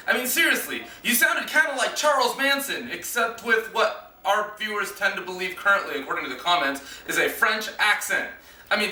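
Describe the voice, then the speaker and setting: A woman's voice: on the high side, sharp tone. An American woman vlogger with an exasperated, emphatic and sarcastic manner, ranting straight at the camera. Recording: roomy echo, distant from mic.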